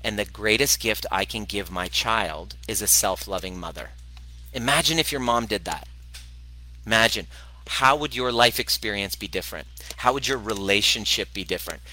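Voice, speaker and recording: A man's voice: fairly low pitch, normal speed, sharp tone, poor audio. A middle-aged man, a former chiropractor, talking straight to camera about parenting in a blunt, passionate way, swearing and laughing often. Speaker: former chiropractor turned wellness video host. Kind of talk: direct-to-camera talk answering a viewer question.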